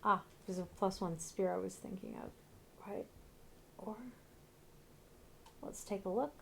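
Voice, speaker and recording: A woman talks through her game in a chatty, blunt way, thinking out loud and swearing now and then. Her voice sits at an ordinary middle pitch in relaxed, casual commentary. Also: measured pace, gravelly, a little hiss or hum. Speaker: streamer.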